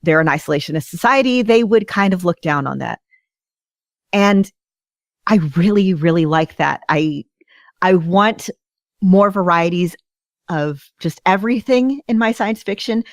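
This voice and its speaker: A woman co-hosting a fan podcast, chatting in an animated, enthusiastic way. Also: fairly low pitch, unhurried, dry recording, studio quality. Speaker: podcast co-host. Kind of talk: casual podcast chat.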